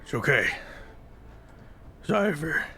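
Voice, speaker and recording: A woman's voice: deep voice, big pitch swings, slow pace, sharp tone, full character voice. A woman voicing a sleepy, grumpy male minotaur who keeps his business to himself. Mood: gruff. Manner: gruff, guarded, dismissive.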